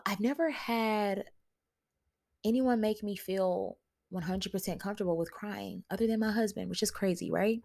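A woman's voice: medium pitch, creaky. A woman hosting her own podcast in casual solo talk, candid and playful, speaking straight to her listeners. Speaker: podcast host.

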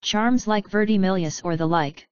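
A woman's voice: mid-range voice, moderate pace, no room sound, lo-fi sound, close to an everyday voice. A woman voicing an earnest young wizard who eagerly explains his plans.

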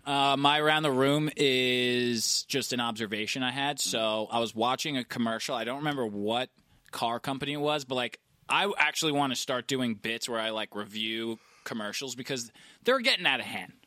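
Bright-voiced young man chatting. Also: mid-range voice, moderate pace, no echo, clean studio sound. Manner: storytelling, swearing, laughing. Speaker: podcast co-host. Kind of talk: casual chat.

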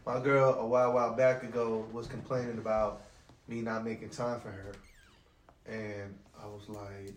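Animated, profane man in a roomy podcast. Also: fairly low pitch, moderate pace. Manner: animated, profane storytelling that quotes his partner. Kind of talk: casual podcast chat. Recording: roomy echo with faint noise.

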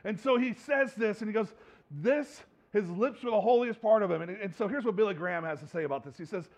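A man's voice: high voice, a little fast. A male pastor preaching a sermon in a conversational way, with joking asides and repeated phrases.

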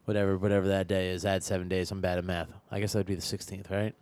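A man's voice: deep voice, flat delivery, quick pace, darkish tone, no echo. A young man hosting a podcast, chatting casually and joking, with plenty of swearing. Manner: loose, profane, jokey. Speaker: podcast host. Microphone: studio mic.

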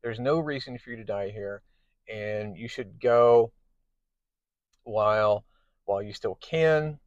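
A man reading the lines of a stern, proud male alien religious leader in a measured, solemn way. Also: fairly low pitch, no room sound, highs cut off.

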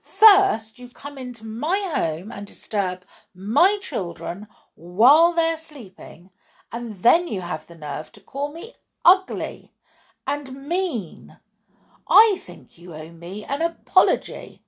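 A big, stern mother bear, played by a woman reading aloud who booms her scolding slowly and deliberately. Her voice is a little gravelly and husky, and it swings widely as she lectures. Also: sing-song, exaggerated voice. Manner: firm and scolding.

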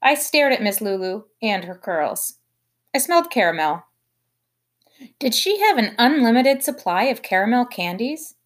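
A woman reading a children's novel aloud with lively, expressive narration. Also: a little high, measured pace. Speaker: audiobook reader. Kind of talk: scripted narration.

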